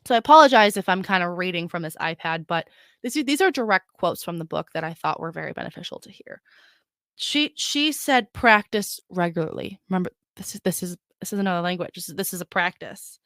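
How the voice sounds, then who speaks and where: A young woman hosts a solo podcast in a loose, chatty way, often restarting her sentences and calling her listeners "guys." Her voice is smooth and clean, recorded close and dry with no room sound. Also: lowish voice, expressive, fast talker, a bit bright, no room sound. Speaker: podcast host. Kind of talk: casual solo podcast talk.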